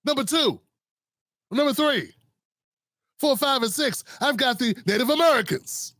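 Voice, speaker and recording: A man putting on a condescending, folksy older male politician in a hushed, mocking impression. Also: very high voice, expressive, measured pace, dry recording, studio quality, heavily acted. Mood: smug.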